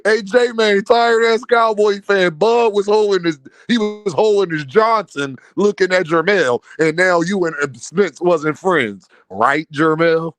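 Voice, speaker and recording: A man's voice: high-pitched, measured pace, few pauses, dry recording. A man hosting a boxing live stream in casual, slangy talk, laughing often, mocking, and talking to his chat. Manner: laughs a lot, mocking, repeats a running catchphrase.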